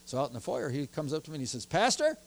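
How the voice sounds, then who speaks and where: A man preaching a sermon as pastor, telling stories from his church in an animated way and growing excited as he goes. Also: medium pitch, very fast, gravelly, slightly rough. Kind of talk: sermon with personal storytelling.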